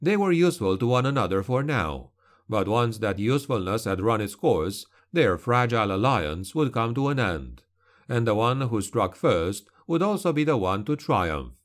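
A man's voice: lowish voice, sing-song, normal speed. Grave male audiobook narrator. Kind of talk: dark fantasy audiobook narration.

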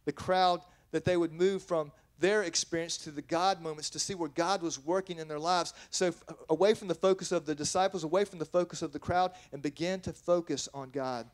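A man's voice: fairly high pitch, fairly even intonation, fairly quick, few pauses. A man preaching a sermon as pastor, earnest and plain-spoken, reading scripture and then explaining it, often restarting his sentences. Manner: earnest, with frequent restarts and self-corrections.

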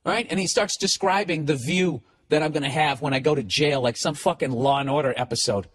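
A comedian and podcast host telling a story as a profane comic rant, animated and mocking, swearing constantly. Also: male voice, a little high, brisk, hardly any pauses.

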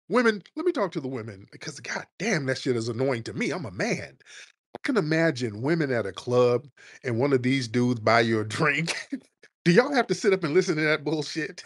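A man's voice: on the high side, sing-song, moderate pace, dry recording, clean studio sound. A man hosting a call-in radio show, blunt and mocking, with a profane, confrontational way of talking.

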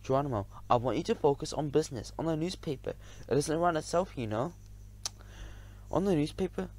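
A man voicing a gruff, bossy old male mouse grandfather who booms his orders, in an audiobook. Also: animated, a little fast, darkish tone. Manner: booming, commanding. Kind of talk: audiobook character voice.

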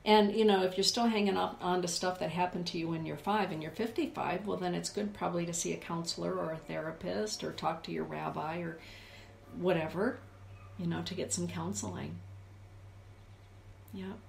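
Lower-voiced woman in a roomy echo. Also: steady tone, moderate pace, creaky, a little hiss or hum. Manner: reflective, addresses viewers by name. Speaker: host reading oracle cards for live chat viewers. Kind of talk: live-stream spiritual chat. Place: indoor room with a forest view.

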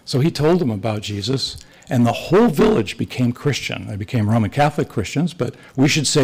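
A man's voice: mid-range voice, lively intonation, a little fast, few pauses, a little mellow, slight background noise, poor audio. An older man, a retired missionary priest, telling stories to a church class and acting out the dialogue. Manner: rambling anecdotal, acts out dialogue with quoted voices. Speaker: retired missionary priest teaching Sunday school. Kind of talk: storytelling talk to a church class.

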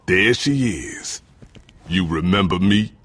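A man's voice: deep voice, takes it slowly, breathy edge, exaggerated voice. A man voicing a hot-headed scarred thug with a whiny, explosive way of talking. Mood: aggrieved. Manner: whiny, explosive, bright and strained.

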